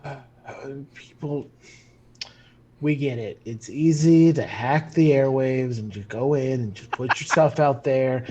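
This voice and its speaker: A man's voice: mid-range voice, measured pace, dull audio, noisy background. A man playing a tabletop role-playing game, chatting casually with many fillers. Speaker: player.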